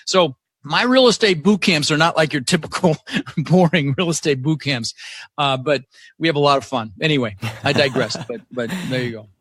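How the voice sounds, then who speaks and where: Man, podcast guest, energetic, emphatic, slightly high voice, dry sound. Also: normal speed, dry recording. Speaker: podcast guest, real estate investor. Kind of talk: casual interview talk. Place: home office. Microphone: no video, audio call.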